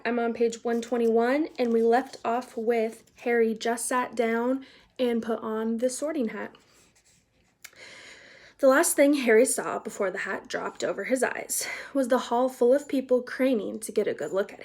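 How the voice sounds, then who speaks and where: A woman reading a children's novel aloud in a casual, chatty way, pausing to explain words for young listeners. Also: on the high side, steady tone, a little mellow. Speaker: read-aloud narrator.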